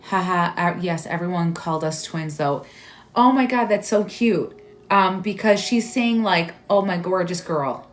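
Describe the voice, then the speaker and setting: A woman hosting a live stream as a psychic medium, giving readings in a halting, searching way full of "like"s and growing emotional. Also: on the low side, faint music behind. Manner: halting, searching delivery with many "like"s; emotional, tearful at moments.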